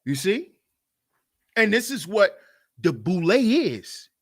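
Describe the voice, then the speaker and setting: A man hosting a livestreamed podcast, talking in an animated, mocking way and often asking "you see?". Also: high-pitched, takes it slowly. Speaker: podcast host. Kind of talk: livestream commentary.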